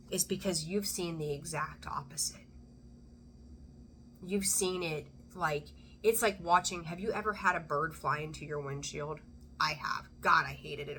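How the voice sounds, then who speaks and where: A middle-aged woman giving a casual tarot reading, chatty and rambling, easily excited and laughing often. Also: fairly low pitch, a little hiss or hum. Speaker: tarot reader.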